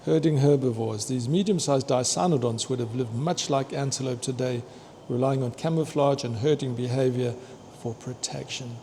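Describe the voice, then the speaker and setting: Vlogger, male, mellow tone, eager museum-tour chatter, faint hum behind. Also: medium pitch, normal speed, hardly any pauses. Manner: enthusiastic, chatty, stumbles over long names and laughs. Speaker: vlogger touring a fossil museum. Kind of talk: walking museum tour vlog. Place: indoor museum hall.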